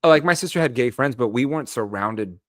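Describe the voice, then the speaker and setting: A man's voice: mid-range voice, expressive, fairly quick, no echo, studio quality. A man co-hosting a podcast, telling a personal story in a candid, casual way with lots of "like" and "um". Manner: personal, candid, heavy use of "like" and "um". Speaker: podcast co-host.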